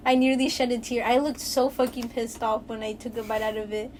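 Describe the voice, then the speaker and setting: A high-voiced young woman chatting on a podcast, excitable and quick to laugh, swearing freely as she tells stories. A faint hiss sits under her voice. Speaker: podcast host. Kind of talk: casual chat.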